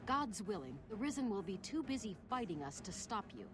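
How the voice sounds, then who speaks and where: A woman's voice: medium pitch, sing-song, a little fast, music in the background, natural voice. An actress playing a brave female deputy of a city guard in a game, speaking in a commanding, resolute way.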